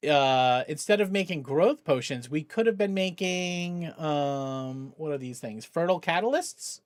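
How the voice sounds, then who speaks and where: A middle-aged man hosting a charity game stream, talking casually, thinking aloud with many restarts and greeting viewers with bursts of excitement. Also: fairly high pitch, unhurried, dry recording, studio quality. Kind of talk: casual livestream chat.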